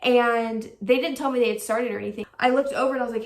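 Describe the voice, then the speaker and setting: A woman's voice: on the high side, fairly even intonation, quick pace, a little mellow, reverberant, distant mic. A young woman vlogger telling a personal story in a casual, chatty way, full of "like" fillers and acted-out quotes. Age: young adult.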